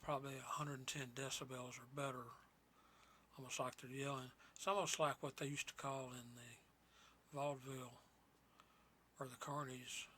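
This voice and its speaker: A soft-spoken man co-hosting a casual podcast chat, talking low and unhurried. His pitch barely moves and his voice has a bright edge, with a faint hum in the background. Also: little pitch movement. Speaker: podcast co-host. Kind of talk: casual chat about films.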